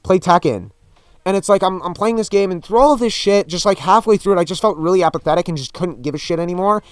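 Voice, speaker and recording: A man's voice: sits high, fast talker, clear, resonant tone, no echo. A man ranting about a video game in a vlog, profane, exasperated and repetitive. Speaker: gaming commentator.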